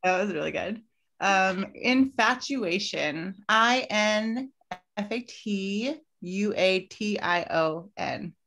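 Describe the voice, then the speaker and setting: A woman's voice: mid-range voice, slow, fairly bright tone, slight background noise. A woman competing in a comedy spelling bee, polite and playful. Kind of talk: casual game banter.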